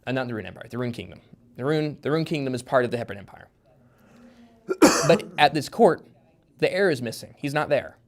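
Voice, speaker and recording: A man's voice: medium pitch, animated, a little fast, pauses often. A man in casual podcast chat, a guest author explaining at length with lots of fillers and restarts. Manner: rambling, filler-heavy explaining.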